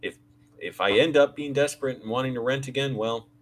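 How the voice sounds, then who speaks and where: A man's voice: medium pitch, fairly quick, slight background noise, poor audio. A man hosting his own livestream, talking casually and rambling with lots of fillers and restarts. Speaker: channel host.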